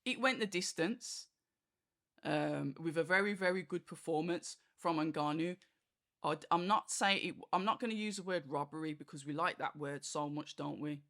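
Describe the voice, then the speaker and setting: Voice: medium pitch, normal speed, a bit bright. Chatty boxing vlogger. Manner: chatty and rambling, fillers like "like" and "you know", acts out quoted reactions. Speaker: boxing channel host. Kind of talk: casual fight review monologue.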